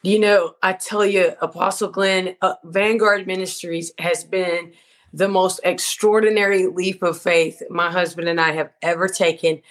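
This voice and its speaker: A woman's voice: on the low side, steady tone, measured pace. A woman from Georgia, telling the story of her ministry in an interview with fervent, preacherly storytelling. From Georgia, USA. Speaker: ministry co-founder, guest. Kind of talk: interview testimony.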